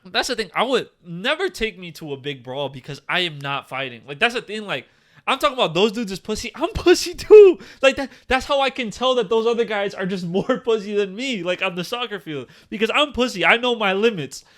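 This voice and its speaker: Fast-rambling young man, high bright voice. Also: lively intonation. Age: 20s. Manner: rambling, profane, filler-heavy storytelling. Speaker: podcast co-host. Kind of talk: casual chat.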